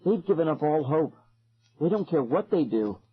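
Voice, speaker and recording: A man puts on a frightened young girl who speaks breathlessly and higher than his own voice, with a raspy edge. The audio is dull and lo-fi, like an older audiobook recording. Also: very animated, moderate pace, full character voice. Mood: worried. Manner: breathless, worried. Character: frightened girl warning of danger.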